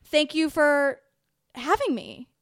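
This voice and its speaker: Excitable woman telling a story. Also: sits high, takes it slowly, no echo, studio quality. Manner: excitable, gushing, animated retelling. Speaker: podcast guest. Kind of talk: casual storytelling chat.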